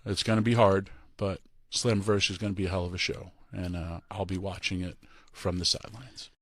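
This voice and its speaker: Tearful man giving a halting farewell. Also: sits low, flat delivery, no echo, studio quality. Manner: halting, full of pauses and restarts. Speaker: departing pro wrestler. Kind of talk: emotional farewell speech.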